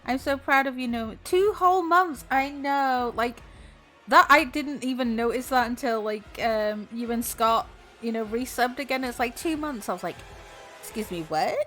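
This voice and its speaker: A woman's voice: a little high, normal speed, a bit bright, soft background music. A woman streamer chatting casually with her viewers, bubbly and giggly, laughing often.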